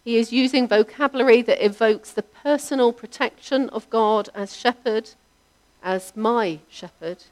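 A woman preaching a sermon, in a measured, reflective delivery whose line ends trail off softly. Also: on the high side.

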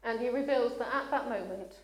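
A woman preaching a sermon, speaking earnestly and at times choking up and apologizing. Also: on the high side. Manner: earnest, gets emotional and pauses to apologize. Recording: echoey room.

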